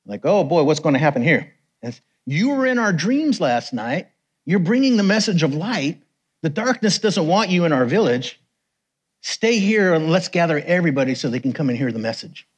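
A man's voice: fairly high pitch, poor audio. A man giving a sermon with personal stories, talking conversationally and often checking in with the congregation. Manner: conversational, asks the crowd "right?". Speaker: preacher.

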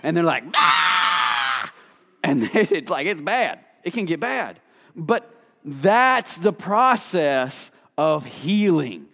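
A man's voice: on the high side, very animated, slow, a bit bright. A man preaching a conversational sermon, chatty and casual, full of fillers, acting out the voices he quotes. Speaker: pastor. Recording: long hall reverb.

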